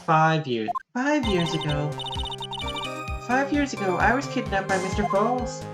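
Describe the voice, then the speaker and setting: A woman reading aloud as a sweet, demure young female witness, telling her story softly. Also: medium pitch, lively intonation, a little slow, loud music behind the voice, lightly acted.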